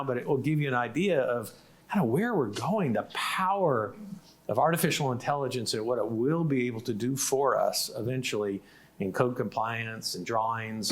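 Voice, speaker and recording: A male moderator in a relaxed panel chat, with a voice of ordinary middle pitch. He tells his stories with lively energy and slips into the voices of the people he quotes. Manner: animated storyteller who acts out what others said. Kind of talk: casual panel discussion.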